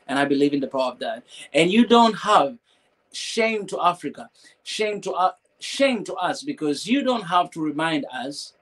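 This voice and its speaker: A man's voice: fairly high pitch, poor audio. Emotional man preaching on a live stream. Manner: preachy, repeats phrases, asks rhetorical questions. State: emotional, voice breaking at times.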